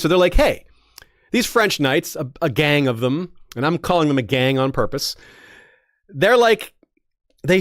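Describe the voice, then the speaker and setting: A man hosts a history show in a loose, joking storytelling manner, often restarting his sentences. His voice sits a little high and swoops animatedly up and down. The recording is dry and close. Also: a bit bright, no room sound. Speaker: history podcast host.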